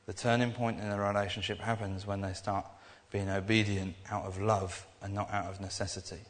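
A young man preaches in a loose, earnest ramble, circling back and restarting his thoughts often. His voice sits on the low side, and it carries a long echo that hangs in the hall. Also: flat delivery, fairly quick. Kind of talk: informal sermon. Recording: echoey hall.

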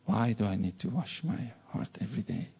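Male preacher, earnest sermon delivery; dark, mellow tone with a husky grain. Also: fairly low pitch, lively intonation, brisk. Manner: earnest, repeats words for stress. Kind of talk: sermon with a personal story.

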